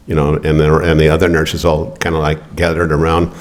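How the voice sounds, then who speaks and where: An older man telling a story at a poetry reading in an art gallery, rambling and profane, halting with fillers. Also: a bass voice, monotone. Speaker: poet.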